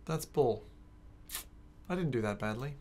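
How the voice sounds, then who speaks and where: A woman streaming a racing game, chatting casually with her viewers in an excitable, joking way, swearing often. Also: a bass voice, measured pace, a little hiss or hum. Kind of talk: casual live-stream chat while gaming.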